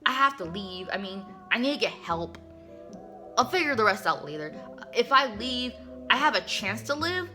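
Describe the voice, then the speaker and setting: A woman's voice: fairly high pitch, sing-song, moderate pace, pushed and bright, faint music behind. Woman voicing a terrified young male captive. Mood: desperate. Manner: pleading, frantic.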